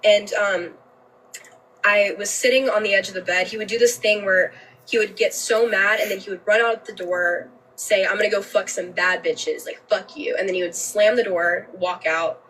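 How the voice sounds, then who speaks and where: A woman's voice: mid-range voice, steady tone, normal speed, a bit bright, far from the mic, low-quality recording. A woman telling a personal story on a livestream, emotional and candid, swearing freely and often restarting her sentences.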